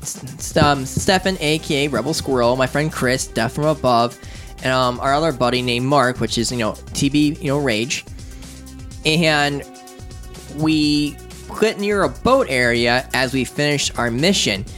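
A man telling a gaming story in casual chat with friends, acting out the lines other players shouted. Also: mid-range voice, measured pace, soft background music.

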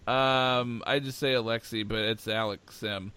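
A man's voice: mid-range voice, fairly even intonation, unhurried, bright, forceful tone, smooth. A man co-hosting a podcast, chatting casually and with enthusiasm, rambling with lots of fillers. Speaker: podcast co-host.

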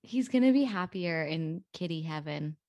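Gravelly lively-voiced young woman chatting. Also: sits low, normal speed, highs cut off. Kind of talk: casual chat.

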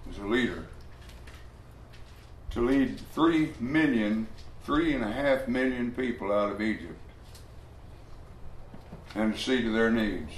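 Folksy preacher in an echoey room. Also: male voice, mid-range voice. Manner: folksy, emphatic, acts out quoted voices loudly. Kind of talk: Bible study sermon. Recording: echoey room with faint ambient noise.

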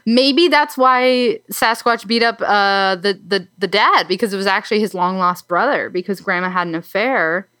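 Chatty woman cohost on a podcast, bright voice, dry close sound, lots of likes. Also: medium pitch, normal speed, hardly any pauses, clear, resonant tone, dry recording. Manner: chatty, many likes and restarts, laughs easily. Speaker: podcast co-host. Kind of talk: casual chat, storytelling.

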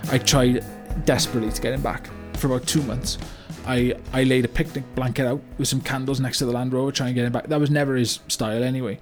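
An actor playing a remorseful older British business owner in a comedy monologue, with a rambling delivery full of "you know" and "right?". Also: male voice, mid-range voice, fairly even intonation, quick pace, hardly any pauses, over music, close to an everyday voice. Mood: rueful. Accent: British English. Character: remorseful older male car yard owner, blunt. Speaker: business owner telling a story. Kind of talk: mock-documentary comedy monologue.

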